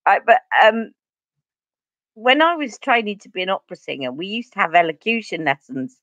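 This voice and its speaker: A woman's voice: medium pitch, very animated, moderate pace, a bit bright, no echo, muffled recording. A woman with an Essex accent chatting through a live makeup tutorial, answering viewer comments as she goes. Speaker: beauty vlogger.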